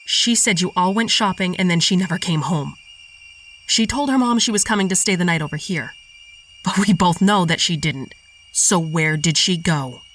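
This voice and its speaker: A woman voicing a frantic, worried middle-aged mother who talks fast and shakily in a horror story reading. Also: fairly low pitch, fairly bright tone, recorded from a distance, a little hiss or hum, lightly acted. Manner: rapid, pleading, shaky.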